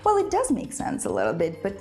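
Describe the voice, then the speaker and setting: A woman's voice: on the low side, huge pitch swings, fast talker, warm tone, faint music behind. A young woman whose first language is Ukrainian, teaching English in a playful, chatty video lesson and laughing often. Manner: playful, laughs often, imitates animal sounds.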